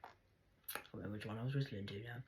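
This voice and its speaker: A middle-aged Englishwoman talks straight to camera in a loose, rambling monologue. Her delivery is blunt and salty, full of swearing. She drops into lively put-on voices when she quotes people. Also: extremely low pitch, quick pace, slight background noise, rough recording. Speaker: vlogger. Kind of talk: casual monologue storytelling.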